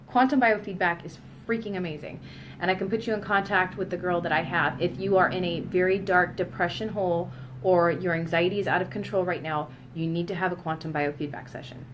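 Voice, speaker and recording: A woman's voice: medium pitch, a little hiss or hum. A woman in her thirties talking candidly in a casual personal vlog, emphatic and blunt, now and then swearing. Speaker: vlogger.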